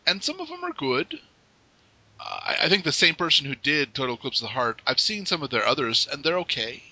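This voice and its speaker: Lively bright-voiced male host. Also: fairly high pitch, a little fast, dry recording. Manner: animated, joking, stammers at times. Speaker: interview show host. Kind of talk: casual interview chat.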